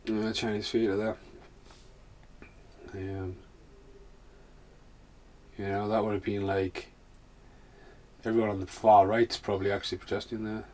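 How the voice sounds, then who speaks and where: A man's voice: on the low side, flat delivery, a little slow, long pauses, darkish tone. A man hosting a podcast with a rambling film commentary, laughing often. His speech is a little slurred and he sounds like he is in pain. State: injured, in pain. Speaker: podcast host.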